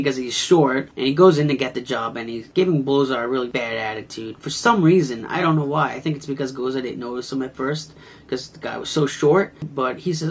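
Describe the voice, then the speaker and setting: A man's voice: mid-range voice, fairly quick, husky. A man giving a casual video review of an old horror film, with a wry, mocking manner. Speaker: movie reviewer.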